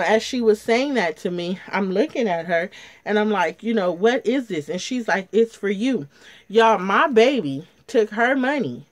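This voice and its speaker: A middle-aged woman, telling a personal story to her viewers in a casual, emotional way, near tears. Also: mid-range voice. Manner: emotional, chatty, addresses viewers as ladies. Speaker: vlogger. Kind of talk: casual story time chat to camera.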